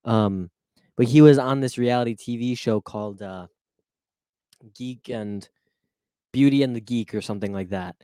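Young guy rambling on a podcast, gets excited, trails off, dry close mic. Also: mid-range voice, normal speed, long pauses, clear, resonant tone, no echo. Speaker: podcast co-host. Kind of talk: casual chat.

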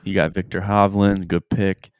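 A man's voice: sits low, flat delivery, normal speed, darkish tone, smooth, no room sound. A young man co-hosting a casual podcast, laid back and laughing often, giving sports betting picks. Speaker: podcast co-host. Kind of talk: casual chat.

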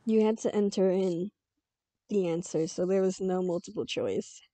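A teenage girl in a casual chat, giving short, low-key answers. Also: fairly even intonation, normal speed, dark tone, dry recording. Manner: brief, low-key replies.

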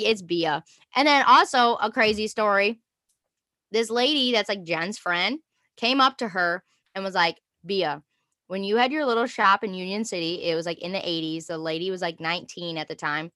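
A young woman co-hosting a casual chat, telling an animated story and acting out quotes with frequent laughter. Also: mid-range voice, no room sound, studio quality. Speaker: podcast co-host.

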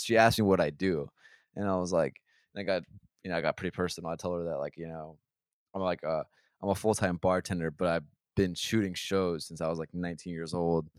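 Low-voiced profane storytelling man. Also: no room sound, studio quality. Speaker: podcast co-host. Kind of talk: casual storytelling chat.

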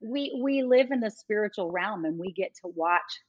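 A middle-aged woman telling stories as a guest, animated, often laughing and breaking off mid-sentence. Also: medium pitch, moderate pace, no echo, highs cut off. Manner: animated, laughing, self-interrupting. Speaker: guest, ministry leader. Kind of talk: conversational storytelling.

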